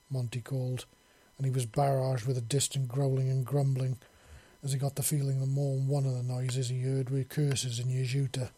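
A man narrating a story in an even, unhurried read. His voice is mellow and dark with a husky edge. The recording is dry and close. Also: medium pitch, no echo. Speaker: audiobook narrator.

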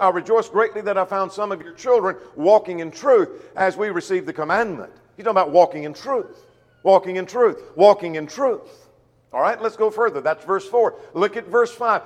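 A man with a high voice preaches a Bible sermon in a church's large hall. He teaches verse by verse and repeats key phrases for emphasis.

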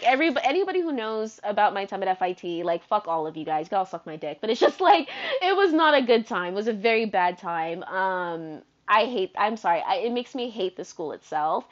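A young woman in her twenties from the United States telling a story in a casual monologue, animated and slangy, swearing freely and cutting herself off. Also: mid-range voice. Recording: dull lo-fi sound.

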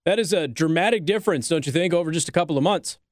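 A man's voice: a little high, quick pace, no echo, studio quality. A man hosting a political talk show, delivering opinionated commentary and mocking others in quoted voices.

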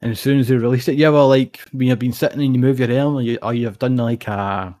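A man's voice: medium pitch, steady tone, fast, dark tone. A young Scottish man chatting on a podcast, telling a long rambling story with plenty of swearing. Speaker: podcast co-host. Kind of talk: casual chat.

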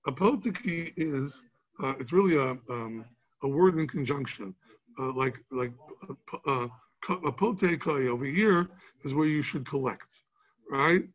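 A man's voice: fairly high pitch, lively intonation, unhurried, husky, lo-fi sound. A man teaching a Talmud class, explaining each step with examples and rhetorical questions.

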